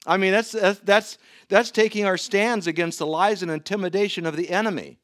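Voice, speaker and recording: A middle-aged man preaching a sermon to his church, earnest and given to halting restarts. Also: high voice, fairly even intonation, a bit bright, dry recording, studio quality. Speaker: pastor.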